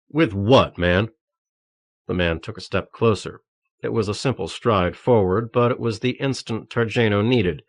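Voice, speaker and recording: Low-voiced man reading an audiobook. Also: no echo, studio quality. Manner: steady, measured reading. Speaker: audiobook narrator. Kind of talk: audiobook narration.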